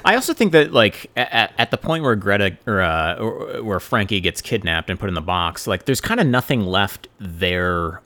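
A man in a casual film review chat, talking haltingly with lots of fillers and restarts. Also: on the low side, big pitch swings, sharp tone, dry recording. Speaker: podcast co-host.

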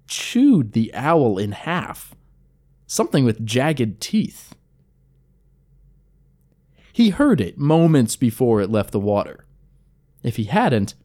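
A man reading a dark fantasy story aloud, vivid and wry, with crude asides. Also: medium pitch. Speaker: storyteller narrating a game recap. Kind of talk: dramatic fantasy story narration.

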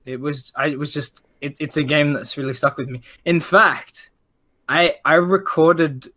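A man's voice: on the high side, steady tone, measured pace, sharp tone. A man chatting casually about video games, rambling with many restarts and fillers. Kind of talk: casual gaming chat.

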